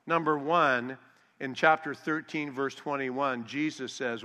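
Bright-voiced male preacher in a hall. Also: a little high. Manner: slows down for scripture quotes, acts out disciples' voices. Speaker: pastor. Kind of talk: sermon. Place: large hall with long reverb. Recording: reverberant hall.

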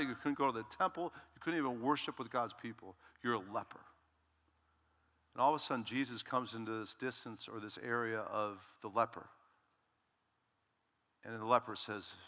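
Bright-voiced preacher man in a big hall. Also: mid-range voice, moderate pace. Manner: dramatic, swinging from hushed to shouting. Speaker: pastor. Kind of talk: sermon. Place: church sanctuary. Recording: long reverb in a large hall.

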